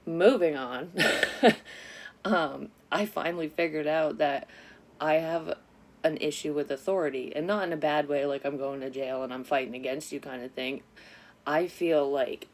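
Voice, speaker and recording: A psychic medium vlogger with a low, darkish voice tells a personal story over slight background noise. She rambles casually, swears often, keeps getting sidetracked, and sounds frank and confessional.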